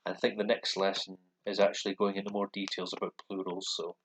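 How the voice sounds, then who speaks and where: Low-voiced man explaining a lesson casually. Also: a little hiss or hum. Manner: relaxed, thinking aloud with frequent pauses. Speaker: language learner recording his lessons. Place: dark room at a computer.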